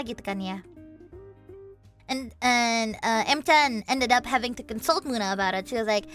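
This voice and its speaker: Bright high-voiced woman streamer, lively chatter, soft music underneath. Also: normal speed. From Indonesia. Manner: animated, switches between Indonesian and English, laughs often. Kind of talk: casual livestream chat. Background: soft background music.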